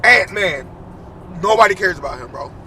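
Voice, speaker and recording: A man's voice: high voice, animated, normal speed, a crowd in the background. A man in casual argumentative chat, talking in a car, blunt and dismissive. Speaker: podcast co-host. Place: inside a car. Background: faint car and road noise.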